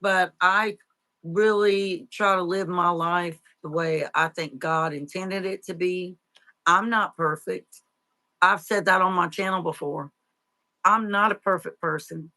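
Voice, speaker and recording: A middle-aged woman, an interview guest, telling her life story in a halting, tearful way with many fillers and restarts. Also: lowish voice, steady tone, bright, forceful tone. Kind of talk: emotional personal storytelling.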